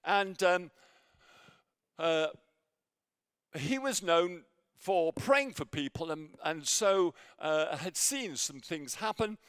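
A man preaching a sermon with a personal story, halting with many fillers and restarts, sometimes dropping to near a whisper. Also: a little high, lively intonation, clean tone, no room sound, studio quality. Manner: drops to near whisper in quiet moments.

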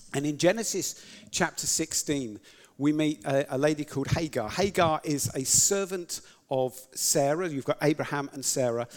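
A man preaching a sermon, retelling scripture dramatically, swinging between loud lines and whispers. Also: a little high, long reverb tail. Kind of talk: sermon storytelling.

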